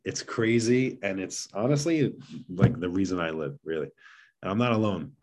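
A man's voice: deep voice, big pitch swings, moderate pace, darkish tone. A middle-aged man talking earnestly as a podcast guest about fatherhood. He often repeats words and restarts his sentences. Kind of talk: casual podcast conversation.

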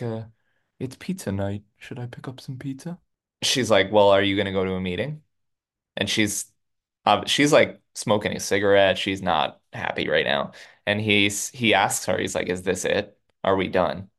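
Man, podcast co-host, casual recap chat, fairly low voice, quotes characters on the fly. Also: creaky, a bit bright. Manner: retells scenes with quick quoted lines.

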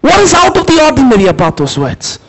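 A man preaching a sermon, dramatic, shouting some phrases and dropping low and slow for others, asking listeners to repeat words after him. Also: wildly swooping pitch, vocal fry, rough recording. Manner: dramatic, swings from high emphatic shouts to low slow intense delivery.

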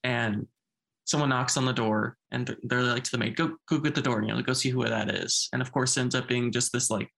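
A man co-hosting a podcast, casually retelling film scenes in an animated way. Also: medium pitch, a little fast, gravelly. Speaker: podcast co-host.

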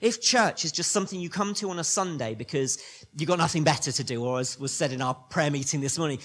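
A man's voice: a little high, fairly bright tone, breathy edge. A man preaching a sermon as pastor, building emphatic repetitions.

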